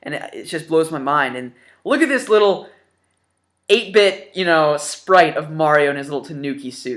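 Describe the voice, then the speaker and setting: This is a young man in his twenties talking straight to his viewers about games he has picked up. His voice sits a little high with a bright, forward edge. He rambles happily and fills the gaps with ums and half-started words. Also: lively intonation, normal speed. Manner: enthusiastic and rambling, with many fillers. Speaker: gaming YouTuber showing his new games. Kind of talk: casual vlog.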